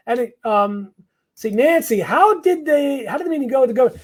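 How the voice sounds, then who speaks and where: A man's voice: extremely high pitch, expressive, fairly quick, breathy edge. A man working as an immigration lawyer, answering viewer comments in a live Q&A in a blunt, conversational way with lots of fillers and restarts.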